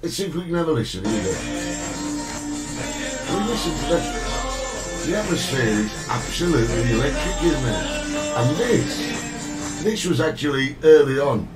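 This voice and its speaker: A man's voice: mid-range voice, sing-song, normal speed, long pauses, recorded from a distance, loud music behind the voice, low-quality recording. A man hosting a casual talk show, chatting and reading out viewer greetings. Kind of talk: casual chat.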